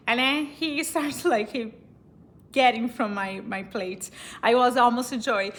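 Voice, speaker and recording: A woman's voice: fairly high pitch, measured pace, a bit bright. A woman from Brazil with a Brazilian accent, casually telling a personal story in English, chatty and laughing often between fillers and restarts.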